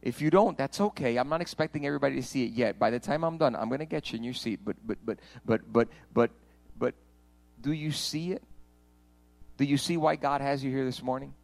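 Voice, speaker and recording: A man preaching a sermon as pastor, swinging from hushed pleading to loud, passionate declarations. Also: medium pitch, fairly quick, gravelly, faint music behind, low-quality recording.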